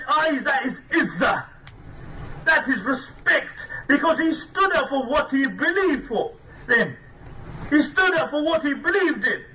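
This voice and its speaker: A man's voice: extremely high pitch, bright, forceful tone, recorded from a distance, slight background noise, low-quality recording. A man preaching a sermon as a story, earnest and emphatic, using Arabic religious terms. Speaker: Islamic preacher.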